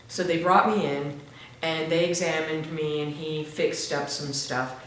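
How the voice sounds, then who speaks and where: A woman giving a halting, earnest personal testimony in a church interview, often restarting her words. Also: sits low, fairly even intonation, a bit bright. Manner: slow and earnest, turning tearful when moved. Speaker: interview guest. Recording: very echoey room with faint noise.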